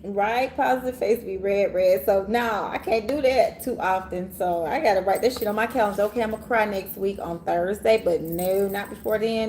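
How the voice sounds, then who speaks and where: A woman reader hosting a casual livestream, animated and laughing often, talking straight to her viewers in a room in the city. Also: mid-range voice, moderate pace, few pauses, slight background noise. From Orange Mound, Memphis area, USA. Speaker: tarot reader and livestream host. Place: city hotel room, sirens outside.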